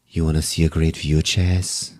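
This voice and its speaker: Guy doing a low slow creepy lady vampire, all calm. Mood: seductive. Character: calm, eerie female vampire.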